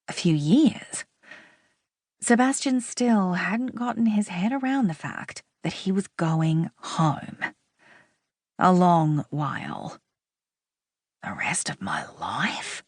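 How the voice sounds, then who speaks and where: A woman narrating a romance audiobook in a measured, expressive reading on a close studio mic. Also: mid-range voice, dry recording. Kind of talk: scripted narration.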